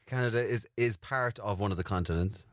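A man's voice: lowish voice, a little fast, a bit bright, no room sound, studio quality. A man hosting a casual quiz, blunt and teasing, swearing freely at his friend. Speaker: quiz host. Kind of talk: casual banter among friends.

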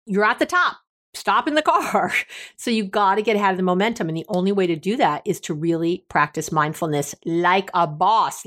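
A woman's voice: medium pitch, fairly bright tone. A middle-aged woman hosting a self-help podcast, talking in a casual, emphatic and playfully bossy way, laughing often. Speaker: podcast host.

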